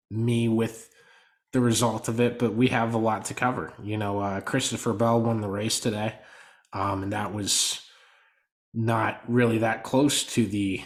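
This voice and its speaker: Animated male racing podcast host. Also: lowish voice. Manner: animated, volume swings up and down. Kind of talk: casual sports podcast chat.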